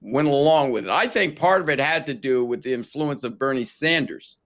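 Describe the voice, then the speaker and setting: A man's voice: medium pitch, lively intonation, moderate pace, fairly bright tone. A man hosting a political interview show, speaking emphatically with rhetorical questions. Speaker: host.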